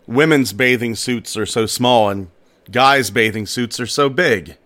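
A man voicing an odd, emotionless man in black who asks strange questions in a flat way. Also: mid-range voice, unhurried, close to an everyday voice. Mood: deadpan.

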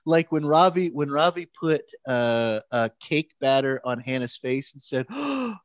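A man co-hosting a podcast in casual chat, animated, laughing often, repeating words and acting out quotes. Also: mid-range voice, measured pace, clean tone, dry recording, highs cut off. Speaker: podcast co-host.

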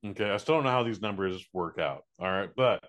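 A man's voice: fairly low pitch, a little fast, a bit bright. A man co-hosting a podcast, reviewing a movie in rambling, joking, profane casual chat.

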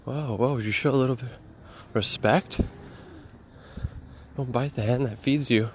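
A flustered cat owner, embarrassed and hushing, scolding his pet with repeated quick calls, as a man acts him out. The delivery is slow, with a little noise behind it. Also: mid-range voice, close to an everyday voice. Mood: indignant. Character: flustered male cat owner hosting guests.

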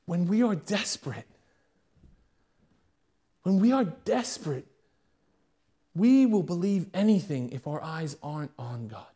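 A young British man delivers a sermon from the pulpit. His fairly high voice climbs into loud, urgent appeals, then sinks to hushed, rapid asides. He speaks with a pastor's conviction. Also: lively intonation. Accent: British English. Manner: dynamic preaching, swings from loud and high to hushed and quick.

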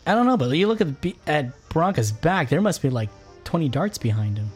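A man's voice: a little high, big pitch swings, a little fast, breathy edge, faint music behind. Chatty man riffing on a movie. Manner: enthusiastic, chatty, many restarts. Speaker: podcast co-host. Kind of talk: casual movie commentary chat.

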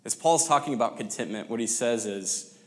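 A man preaching a sermon, telling a story with pauses and restarts and dropping to near-whispers. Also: medium pitch, fairly bright tone.

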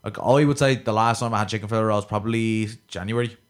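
Chatty young Dublin man, lowish voice. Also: steady tone, fast. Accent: Dublin Irish. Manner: chatty, opinionated, trails off quietly. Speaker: podcast co-host. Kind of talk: casual chat.

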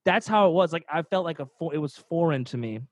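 A man's voice: on the high side, animated, fast talker, no room sound. A young man casually telling a rambling, profane story, laughing along the way. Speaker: podcast storyteller.

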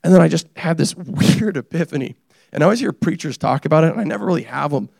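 Animated, joking young preacher. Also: male voice, on the high side, quick pace, gravelly, no echo, clean studio sound. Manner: animated, joking, self-deprecating. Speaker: pastor. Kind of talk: energetic conversational sermon.

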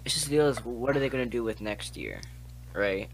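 A man's voice: mid-range voice, animated, brisk, vocal fry, low-quality recording. A teenage boy in casual chat, restarting his sentences as he works out what he means. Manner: hesitant restarts.

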